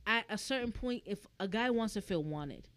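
A young woman co-hosting a podcast, telling a story in animated casual chat and swearing freely. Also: mid-range voice, moderate pace. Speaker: podcast co-host.

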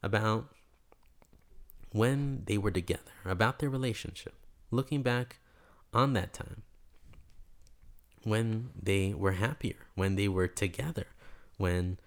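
A young man, a guest, telling a story in a soft, unhurried and thoughtful way. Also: lowish voice. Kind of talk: reflective storytelling in conversation.

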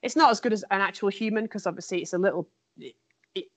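A French teacher talks fast in a mid-range voice, chatting with real enthusiasm and plenty of fillers and restarts. The recording is dry with no echo, and the exchange is casual conversation.

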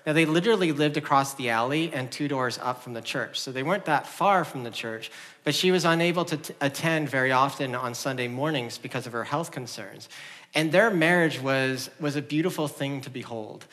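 A man's voice: medium pitch, a little fast, fairly bright tone. A middle-aged man preaching a sermon in a church, conversational and earnest, often restarting his sentences. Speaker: pastor. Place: church sanctuary. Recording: long hall reverb.

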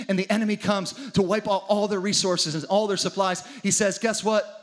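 A man's voice: high voice, little pitch movement, fairly quick. A man preaching a sermon with dramatic energy, acting out the story's characters in his own voice. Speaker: pastor.

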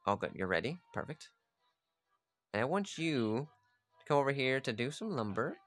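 A man's voice: mid-range voice, very animated, moderate pace, a bit bright. Man chatting casually over gameplay. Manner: chatty, swears freely, talks to his units. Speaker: gamer playing a strategy game.

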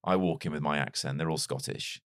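A man with a light Liverpool accent, a broadcaster chatting as an interview guest, telling stories with quick self-deprecating asides. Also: very deep voice, fairly even intonation, dry recording, studio quality. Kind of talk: casual conversational storytelling.

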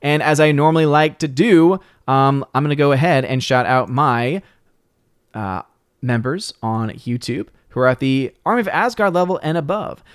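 A man hosting a livestream, signing off casually, thanking viewers and reading supporter names with lively upward lifts. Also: a little high, moderate pace, smooth, no echo, studio quality. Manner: jokey, playfully mangles words. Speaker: livestream host. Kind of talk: casual stream sign-off and shout-outs.

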